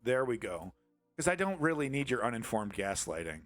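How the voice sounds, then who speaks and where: A man's voice: mid-range voice, sing-song, moderate pace, fairly bright tone, faint music behind. A man hosting a live stream, rambling through casual commentary on clips and sarcastically taunting viewers in chat, with swearing. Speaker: livestream host.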